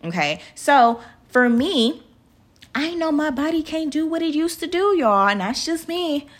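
A woman in her thirties with a slightly high voice hosts a podcast and gives a casual, motivational talk. She is chatty, laughs often and speaks straight to her listeners as y'all. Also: sing-song, measured pace. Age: 30s. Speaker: podcast host.

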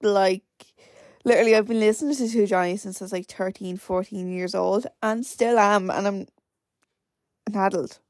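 In clean studio quality with no echo, a nineteen-year-old Irish woman chats on her own podcast. Her mid-range voice keeps a steady tone at a moderate pace while she rambles chattily, full of "like" fillers.

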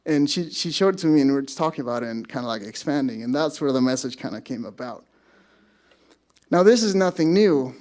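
A man's voice: mid-range voice, lively intonation, a little fast, darkish tone. A man preaching a sermon to his congregation, conversational, with self-deprecating asides. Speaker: pastor. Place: church service.

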